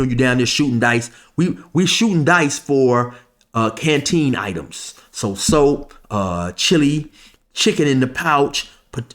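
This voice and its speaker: Man telling a story casually. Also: medium pitch. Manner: conversational, loose, with fillers and asides.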